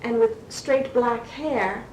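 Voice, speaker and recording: A woman interviewing, asking soft probing questions and sharing her own memories. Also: takes it slowly. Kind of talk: conversational interview. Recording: roomy, noisy with low rumble.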